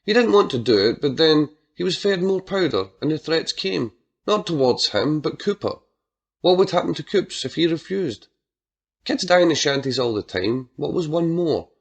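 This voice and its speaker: A man reading a dark crime story aloud as narrator, measured and dramatic. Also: fairly high pitch, lively intonation, gravelly. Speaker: audiobook narrator.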